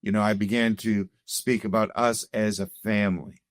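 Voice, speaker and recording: A man with a somewhat low voice shares his personal testimony as a guest. He tells it earnestly and from the heart. The recording is close and dry. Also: level tone, normal speed, no echo. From Canada. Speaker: guest sharing his story.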